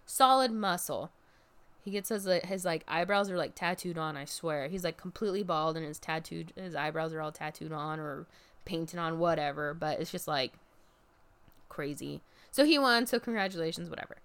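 A woman podcast host walks through a wrestling event in a chatty, swear-filled story, heavy on fillers and dramatized quotes. Her voice sits low yet sounds fairly bright and smooth, at a moderate pace.

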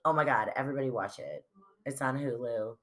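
A woman's voice: rumbling low, a little fast, a bit bright. A woman co-hosting a podcast in casual chat, emphatic and jokey, often slipping into quoted voices. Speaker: podcast co-host.

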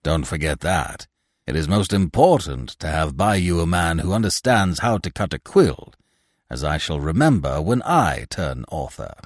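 A man's voice: deep voice, big pitch swings, normal speed, no room sound, clean studio sound, voice pushed down. Polichinelle, a growling sarcastic actor, voiced by a man. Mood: sardonic. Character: growling, sardonic male stage actor.

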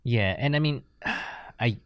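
A man's voice: mid-range voice, takes it slowly, no room sound. A man from the United States hosting a podcast interview, laid-back, telling stories and laughing often. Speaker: podcast host. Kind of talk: casual interview chat.

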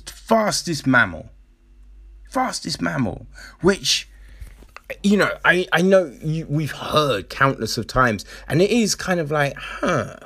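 Animated, swearing man musing slowly. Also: mid-range voice. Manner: animated, swearing, full of rhetorical questions. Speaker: commentator reacting to a documentary. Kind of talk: casual commentary.

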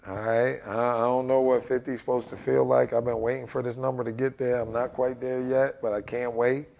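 A man's voice: fairly quick, gravelly, slight background noise. A man in his forties, a basketball head coach, telling stories in an interview and acting out what people say with big jumps in his voice. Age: 40s. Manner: animated, acts out quotes with big pitch jumps. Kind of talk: energetic interview storytelling.

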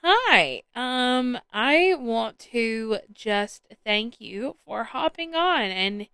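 A woman's voice: fairly high pitch, drawn-out words, a bit bright, smooth, no echo. A woman hosting her own podcast solo, chatting casually and rambling with plenty of ums and restarts. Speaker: podcast host. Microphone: headphones with a podcast mic.

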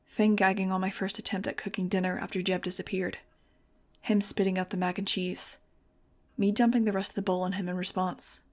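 A woman reading a first-person audiobook in a measured, dramatic way. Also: mid-range voice, flat delivery, a little mellow. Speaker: audiobook narrator. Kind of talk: scripted first-person narration.

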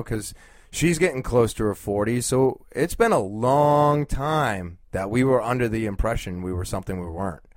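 A man's voice: medium pitch, no room sound, studio quality. A man in his thirties hosting a podcast, talking casually with lots of fillers and restarts. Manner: rambling, many fillers and restarts. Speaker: podcast host.

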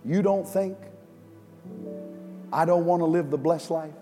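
A man preaching from a church stage, his voice sitting high for a man. He swings from urgent, near-shouted lines down to quiet, hushed ones. Long hall reverb trails each phrase, with music playing under him. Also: unhurried. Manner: impassioned preaching, rising to near shouts then dropping low. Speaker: pastor. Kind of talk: sermon. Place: large church auditorium.

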